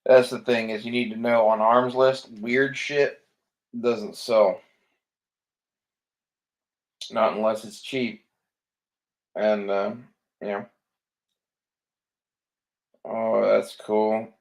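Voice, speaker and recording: A man's voice: fairly low pitch, steady tone, slow, pauses often. A man giving casual, rambling commentary on gun listings, laid-back and sleepy, swearing often and trailing off with fillers. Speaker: gun vlogger browsing listings.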